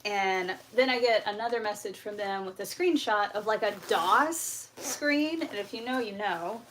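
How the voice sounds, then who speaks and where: A young woman hosting a homestead livestream, telling a story in a casual, animated way, swearing and acting out the exchanges. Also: medium pitch, moderate pace, slight background noise. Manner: animated, profane, acts out quoted exchanges. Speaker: homestead channel host.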